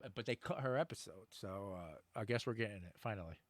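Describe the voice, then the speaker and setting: A man co-hosting a casual podcast about comics, laid-back with quick asides. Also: fairly low pitch, animated, no echo. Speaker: podcast co-host.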